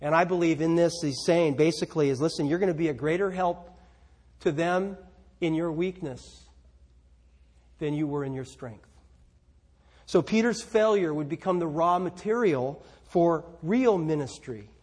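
A man preaching a sermon, emphatic, with rhetorical questions and swings between loud and soft delivery. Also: a little high, moderate pace, slightly rough.

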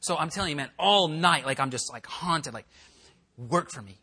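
A man preaching, telling a personal story in a chatty, animated way and acting out the voices he quotes. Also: fairly high pitch, fairly quick, breathy edge. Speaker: pastor. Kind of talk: sermon storytelling. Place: church worship center.

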